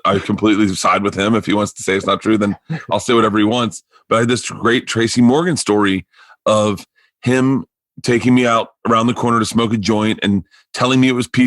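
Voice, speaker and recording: A man's voice: on the low side, normal speed, no room sound. A male comedian guest on a podcast, telling a story in casual chat, acting out the other people in it, with lots of restarts. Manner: animated, frequent restarts and acted-out quotes.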